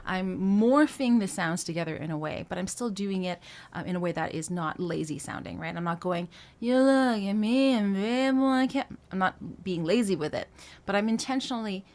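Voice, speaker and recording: A woman's voice: lowish voice, a little fast. Woman vocal coach explaining singing technique. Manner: talks through points with frequent "um" and checks of "right?".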